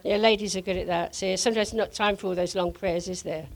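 An older woman preaching to a congregation, telling a lively testimony story with frequent laughter. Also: medium pitch, fast, vocal fry. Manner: animated storyteller, laughing often.

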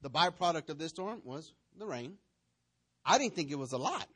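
With a fairly high, slightly rough voice and a sharp tone, a pastor preaches at a moderate pace, his pitch swinging widely. He tells stories, dramatizes their voices and scenes, and questions his listeners.

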